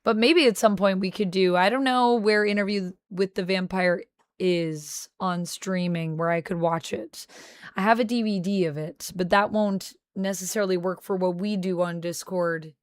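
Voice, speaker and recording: A young woman streaming from home, chatting casually with her viewers and thinking out loud into a close mic. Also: mid-range voice, steady tone, moderate pace, dry recording. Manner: chatty, talks to chat, thinks aloud. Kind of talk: casual livestream chat.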